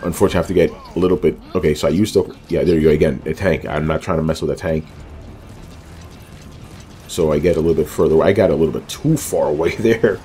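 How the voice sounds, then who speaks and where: Deep-voiced man rambling over gameplay. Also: quick pace, dark tone, soft background music. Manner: rambling and loose, with many fillers and self-mocking asides. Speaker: video game walkthrough commentator. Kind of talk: casual gameplay commentary.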